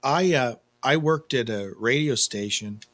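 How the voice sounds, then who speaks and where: A man's voice: mid-range voice, a little slow, fairly bright tone, low-quality recording. A man in his fifties co-hosting a podcast in casual chat, telling self-deprecating stories. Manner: chatty storyteller, self-deprecating. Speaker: podcast co-host.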